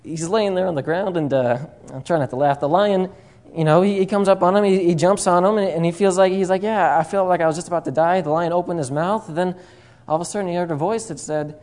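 A man's voice: high-pitched, fast talker, darkish tone. A man preaching a sermon, opening with a folksy joke told in a storytelling manner full of fillers and asides.

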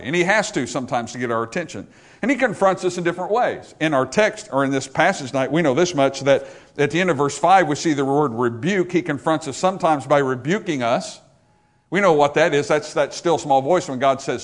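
Male pastor, slightly high voice, emphatic sermon delivery with big swings in loudness. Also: lively intonation, fairly quick. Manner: emphatic preaching, rising and dropping for effect.

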